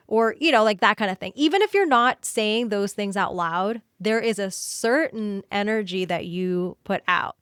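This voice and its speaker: Lively woman podcast host, dry sound. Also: medium pitch, normal speed, hardly any pauses, clear, resonant tone, no room sound. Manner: animated, acts out quoted voices. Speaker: podcast host and career coach. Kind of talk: solo podcast talk.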